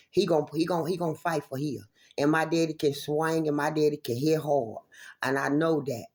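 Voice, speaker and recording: A woman's voice: low-pitched, a little mellow. A woman talking straight to her viewers in an angry, confrontational monologue. She swears a lot and repeats herself. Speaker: vlogger addressing viewers. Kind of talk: angry direct-to-camera monologue.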